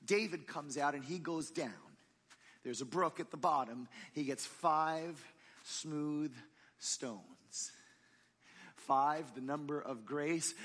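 A man preaches in a church and retells the story in a conversational, humorous way. His voice is fairly high, bright and a little husky, and he keeps it lively. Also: big-room sound. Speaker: pastor. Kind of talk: sermon storytelling.

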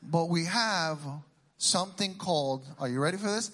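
Animated middle-aged Puerto Rican comic. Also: male voice, high-pitched, normal speed. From Puerto Rico. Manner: animated, crowd-teasing, drops into Spanish exclamations. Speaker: stand-up comedian. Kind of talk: stand-up comedy routine.

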